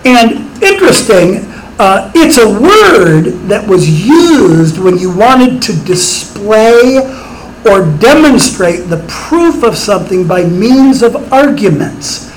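A man's voice: very high-pitched, slight background noise, low-quality recording. A middle-aged man preaching a sermon as pastor, emphatic and rising on his rhetorical questions.

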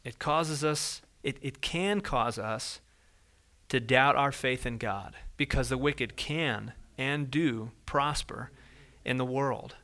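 A man preaching a sermon with a bright, forceful voice. He talks to the congregation conversationally and acts out everyday moments in lively put-on voices. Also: medium pitch, takes it slowly. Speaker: pastor.

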